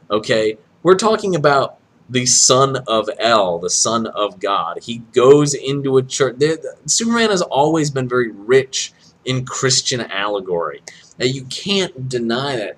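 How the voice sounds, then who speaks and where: A young man from Kansas giving his opinion in a casual vlog, animated and excitable, with sudden jumps up to high exclamations. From Kansas, USA. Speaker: vlogger reviewing a movie.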